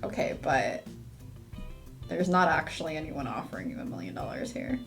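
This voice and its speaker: Brief: female co-host, pushy and teasing, animated lower voice, game music underneath. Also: moderate pace. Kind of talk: casual let's-play banter.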